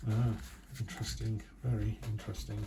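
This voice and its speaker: A man's voice: on the low side, level tone, fairly quick, dark tone, a little hiss or hum. A man giving a casual, chatty tarot reading who acts out quoted remarks in other voices. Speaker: tarot reader.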